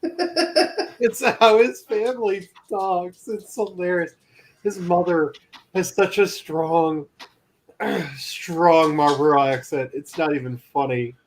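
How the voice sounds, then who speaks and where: A man's voice: sits high, slow. A man in casual chat, teasing his friends and telling long, rambling stories. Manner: teasing, rambling anecdotal storyteller.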